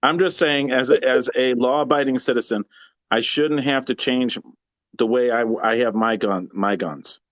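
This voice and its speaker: A man's voice: mid-range voice, normal speed, a bit bright, dry recording. A man calling into a live show, arguing in an aggravated, rambling way and often restarting his sentences. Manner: aggravated, rambling, repeats himself. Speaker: caller. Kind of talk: heated call-in debate.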